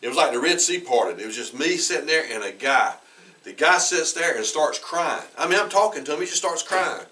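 Bright-voiced pastor preaching from a distance. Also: male voice, a little high, animated, brisk. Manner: conversational, repeats words and restarts, clears throat often. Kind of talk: sermon with personal storytelling. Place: church sanctuary. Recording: bright voice heard from away from the mic.

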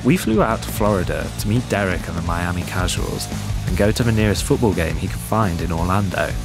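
A man, reporting and narrating a documentary in a dry, deadpan way. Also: fairly low pitch. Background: music bed under narration.

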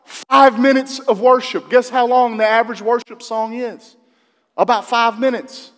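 A man delivers a sermon in a high voice, chatting with his congregation and asking them questions. His voice carries a long reverb from the church sanctuary. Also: steady tone, a little slow, a bit bright. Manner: conversational preaching, asks the congregation questions. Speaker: pastor.

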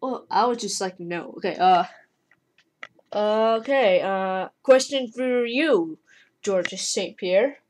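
A woman's voice: mid-range voice, takes it slowly, a little mellow, natural voice. A woman voicing a cocky male wrestler who hosts a toy-figure game show, rambling with many fillers. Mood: chatty. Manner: rambling, giggly, full of fillers.

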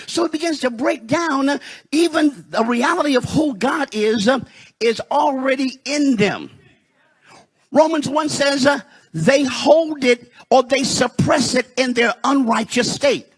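A pastor from Detroit preaching a sermon in a church, rising into shouted, sung peaks and slowing for emphasis. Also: male voice, very high voice, slightly rough. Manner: preaching with shouted, sung rises and dramatic slowdowns. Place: church sanctuary.

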